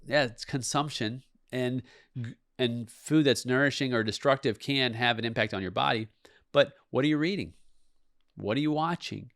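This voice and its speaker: A man's voice: mid-range voice, no echo, studio quality. A middle-aged man hosting a leadership podcast, speaking earnestly and often repeating words for emphasis. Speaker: podcast host, leadership coach. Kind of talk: motivational talk.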